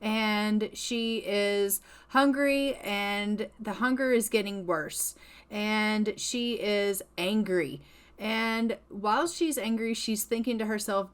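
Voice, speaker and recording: A woman telling a life-sim game story out loud in loose, casual narration. She keeps slipping in fillers and speaks in an everyday middle pitch. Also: slow pace, clean tone. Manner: chatty, many fillers like "like" and "you know".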